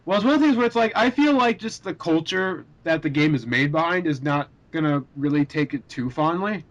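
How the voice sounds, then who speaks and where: A young man with a somewhat high voice hosts a casual group chat. He rambles through his points with plenty of fillers. He laughs often as he talks. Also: expressive, a little fast, dull audio. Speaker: podcast host.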